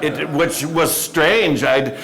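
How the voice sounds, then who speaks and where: A man's voice: a little high, takes it slowly, creaky, background noise. A man giving a humorous, self-deprecating storytelling talk to a club audience in a meeting room. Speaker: motivational speaker.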